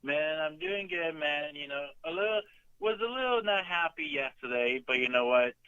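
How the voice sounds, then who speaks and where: A man's voice: on the high side, lively intonation, normal speed, bright, forceful tone, smooth, no echo, highs cut off. A man calling in to a talk show, chatting casually and hesitating with many ums. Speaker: caller. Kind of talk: casual chat on a call-in show.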